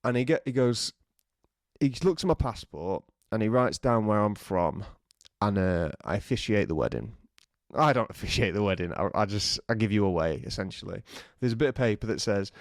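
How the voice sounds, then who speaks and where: Animated male podcast storyteller. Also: on the low side, moderate pace, no room sound, studio quality. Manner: animated, acts out voices and sounds. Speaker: podcast co-host. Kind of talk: comic storytelling.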